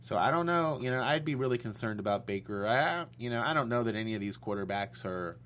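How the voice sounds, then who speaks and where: A man's voice: medium pitch, expressive, quick pace, a bit bright, a little hiss or hum. A man co-hosting a podcast, chatting casually and hesitantly, searching for words with fillers. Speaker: podcast co-host. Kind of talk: casual sports chat.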